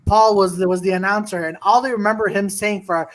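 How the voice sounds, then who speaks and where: A man's voice: high voice, steady tone, a little fast. A man co-hosting a podcast in casual chat over a video call, rambling with many fillers. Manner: rambling, lots of fillers and profanity. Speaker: podcast co-host.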